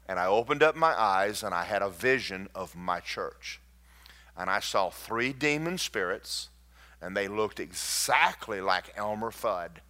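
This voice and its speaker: A man, a pastor telling stories in a sermon, emphatic and swinging between loud and hushed. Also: fairly low pitch, animated, measured pace.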